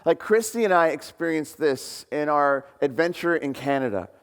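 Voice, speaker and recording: A male pastor preaching a relaxed, chatty sermon in a church hall, often turning questions to his listeners. His voice sits a little high for a man. A long reverb from the hall trails after his words. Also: normal speed, clean tone. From United States. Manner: conversational, asks the congregation questions.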